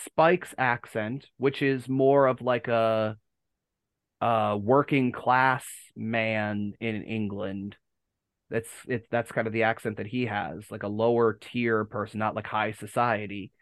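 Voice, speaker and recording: A man's voice: on the low side, fairly even intonation, takes it slowly, clear, resonant tone, no echo. A man from the United States hosting a casual fan podcast, rambling and correcting himself with lots of fillers. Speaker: podcast host.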